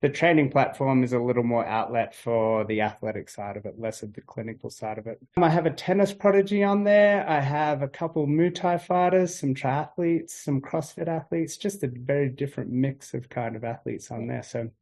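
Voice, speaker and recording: An Australian man talks through his work in a relaxed, unhurried way. He leans on casual fillers as he explains, and his voice sits at an ordinary middle pitch for a man. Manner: easygoing, explains with fillers like "kind of". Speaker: exercise physiologist guest. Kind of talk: relaxed conversational interview.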